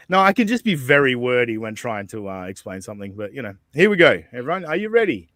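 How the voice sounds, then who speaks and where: In clean studio sound with no room sound, a podcast host with a medium-pitched, fairly bright voice talks fairly quickly with big pitch swings. He rambles through casual chat and reads out messages, swearing freely, laughing and chuckling, and using many fillers.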